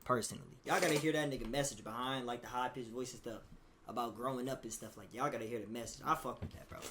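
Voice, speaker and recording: A man's voice: mid-range voice, fairly even intonation, fast, noisy background. A man streaming casually, rambling in a loose, profane, slang-heavy way. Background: faint music playing.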